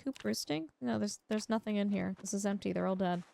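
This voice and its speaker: A woman livestreaming a game, chatting casually and teasingly with her viewers, with quiet music behind her. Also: medium pitch, fairly quick, creaky, slight background noise. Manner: chatty, animated, teasing, talks to chat. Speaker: streamer. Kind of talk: casual livestream chat while gaming.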